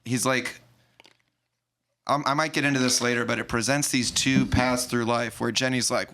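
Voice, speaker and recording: A man's voice: mid-range voice, fairly even intonation, normal speed, vocal fry, sharp tone. A man co-hosting a casual podcast, recapping a film with dry jokes. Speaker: podcast co-host.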